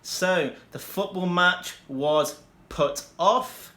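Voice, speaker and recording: The room echoes around a young man teaching English vocabulary, his voice bright and a bit high. He delivers example sentences with slow deliberation and rushes through quick bursts of asides.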